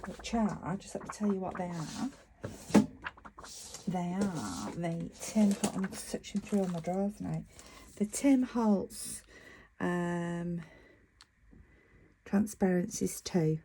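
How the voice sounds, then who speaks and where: A middle-aged woman with a Lancashire accent talks through a crafting project in a relaxed, unhurried way, often breaking off her own sentences as she works. Her voice sits a little low and her pace stays slow. A faint background hiss runs under the recording. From northern England. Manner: chatty, self-interrupting, talking while working. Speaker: craft vlogger. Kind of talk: casual crafting tutorial.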